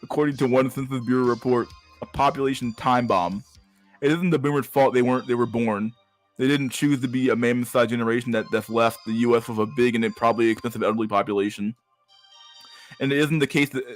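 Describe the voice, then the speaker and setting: A man hosting a podcast, reading a news article aloud and cutting in with crude, slangy remarks. His voice sits at an ordinary pitch for a man. Faint music plays behind him. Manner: profane, slangy asides. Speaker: podcast host.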